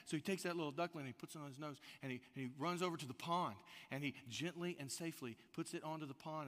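A man preaching a sermon, telling stories with animated energy and asking the congregation direct questions. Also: a little high. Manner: animated storytelling, rising to loud outbursts. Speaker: pastor. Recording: echoey hall reverb.

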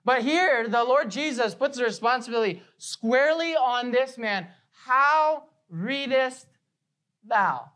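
A woman pastor delivers a sermon in a fairly high voice. She preaches with emphasis and slows down to repeat key phrases.

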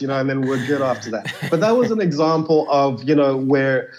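Appearing as an interview guest, a man from Zimbabwe tells stories in a casual, chatty way, often saying "you know." His voice is medium-pitched, fairly quick, and a little mellow, recorded in slightly dull lo-fi audio.

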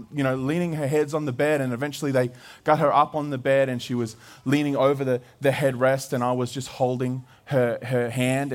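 An Australian man in his thirties, a pastor, preaching a sermon through a lively personal story full of restarts and laughter. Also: mid-range voice.

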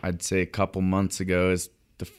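A man's voice: low voice, completely flat delivery, fairly quick, clean tone. A young man, a fly fishing guide, chatting casually on a podcast with lots of fillers and restarts.

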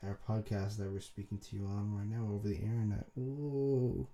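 A man's voice: on the low side, little pitch movement, moderate pace, crowd noise. A young man with a Dublin accent, co-hosting a podcast in loose, rambling, sweary chat. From Dublin, Ireland. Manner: rambling, sweary, laughs a lot. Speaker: podcast co-host. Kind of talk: casual chat.

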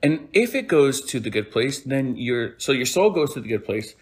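Here a man with a medium-pitched voice swings widely up and down in pitch at a normal speed. He hosts a podcast and spins a folk tale casually, rambling, correcting himself, and playing around.

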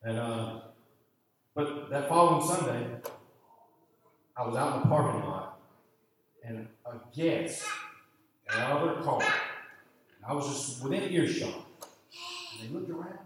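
A man's voice: very animated, slow pace, pauses often, a little hiss or hum. Man, preacher in a church. Storytelling sermon with muttered asides, heard from far off in a roomy, echoing hall. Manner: storytelling, acts out his own thoughts with big pitch jumps; drops to a muttering hush for inner grumbling. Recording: echoey hall, voice from far off, faint ambience.

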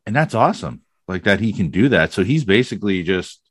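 Male podcast host, very low voice, loose rambling delivery, dry close mic. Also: animated, fairly quick, no echo. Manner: rambling, frequent fillers. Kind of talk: casual conversation.

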